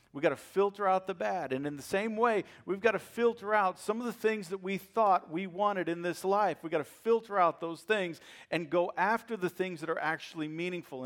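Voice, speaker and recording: A man preaching from the pulpit of a church, his voice sitting a little high for a man. He swings from ringing emphasis down to near-whispered asides and repeats key phrases to drive them home. The delivery is a pastor's sermon to a congregation. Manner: preacherly, swings from loud to hushed.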